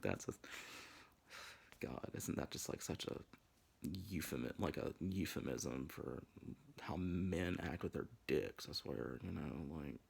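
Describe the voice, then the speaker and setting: A young man in his twenties talks through a casual, rambling commentary. His voice sits low and carries a gravelly fry, and he keeps dropping crude, campy, profane asides. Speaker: vlogger.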